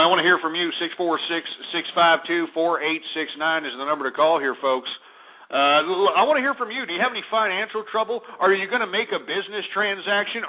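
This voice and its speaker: A man hosting a call-in radio show, ranting bluntly and scornfully at his listeners. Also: fairly high pitch. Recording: tinny phone-like lo-fi audio.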